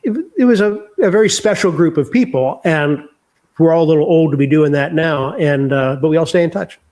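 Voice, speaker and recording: Candid older man, fairly high voice. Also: brisk, darkish tone. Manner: candid, reflective storytelling. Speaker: author guest. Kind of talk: candid interview conversation.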